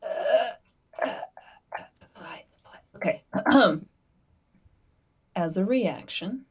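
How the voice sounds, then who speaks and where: Slow-talking woman playing a tabletop game. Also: medium pitch, lively intonation, breathy edge. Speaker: player. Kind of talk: casual tabletop game chat.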